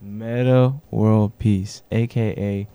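A man's voice: lowish voice, fairly even intonation, slow, dark tone, clean tone, no echo, dull audio. A man co-hosting a casual radio chat, laid-back, slangy and joking. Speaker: radio co-host.

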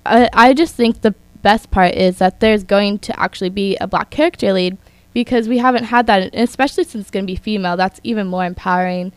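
On her radio show, a young host runs through scripted entertainment news in a chatty style, adding offhand asides to what she reads from her notes. She talks fairly quickly in a smooth, clean, mid-range voice, and the sound is close and dry with nothing of the room around it.

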